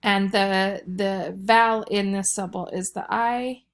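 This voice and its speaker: Woman, teacher, recorded lesson for kids, patient slow explaining, mid pitch, slight vocal fry. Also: steady tone. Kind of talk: recorded vocabulary lesson for children.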